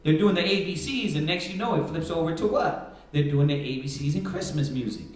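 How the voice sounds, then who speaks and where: A man's voice: on the high side, brisk. Emphatic preacher man, echoey and distant. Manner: emphatic, rhetorical questions. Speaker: Bible class teacher. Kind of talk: preaching in a live Sabbath class. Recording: echoey room, far from mic.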